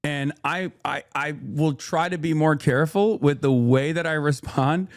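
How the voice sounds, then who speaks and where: A man's voice: fairly high pitch, unhurried, hardly any pauses, no echo, studio quality. A man hosting a live stream, talking back to his chat in a casual way and moving between joking and earnest explanation, with many restarts as he thinks aloud. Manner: frequent restarts and filler while thinking aloud. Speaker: livestream host.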